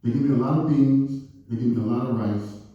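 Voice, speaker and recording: Man, stand-up comedian, deadpan storytelling, dark mellow voice, far from the mic in an echoey club. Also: mid-range voice, fairly quick, highs cut off. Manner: deadpan storytelling, acts out dialogue. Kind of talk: stand-up set.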